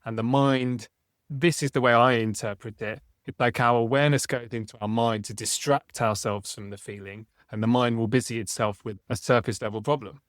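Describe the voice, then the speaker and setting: A man's voice: medium pitch, steady tone, moderate pace, no echo. A man in casual podcast conversation, musing aloud with frequent tag questions. His voice sits mid-range and the recording is dry and close, with no room sound. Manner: reflective, uses tag questions. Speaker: podcast host.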